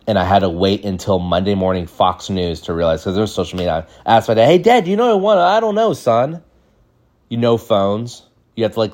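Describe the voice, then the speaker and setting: A young man from California telling rambling childhood stories on a podcast, jumping into high voices to act out what people said. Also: a little mellow. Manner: rambling, acts out quotes in high mimicking voices. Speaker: podcast host. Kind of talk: casual storytelling monologue.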